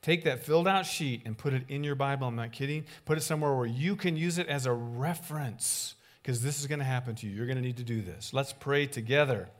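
A man preaching a sermon as a pastor, animated, acting out short dialogues with big swings in loudness. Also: mid-range voice, a little fast, hardly any pauses.

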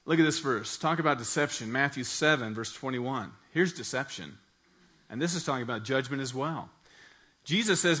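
A man preaching a sermon as pastor, telling a personal story in an earnest, animated way. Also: mid-range voice, moderate pace, breathy edge.

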